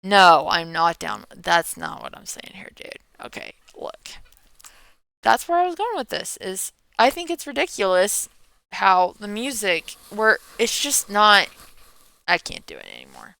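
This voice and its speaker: A woman's voice: mid-range voice, very animated, a little slow, creaky, bright, forceful tone, clear, resonant tone, dry recording. A tired millennial woman in her thirties, rambling through a casual Q&A vlog, often trailing off and yawning. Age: 30s. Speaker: meme creator.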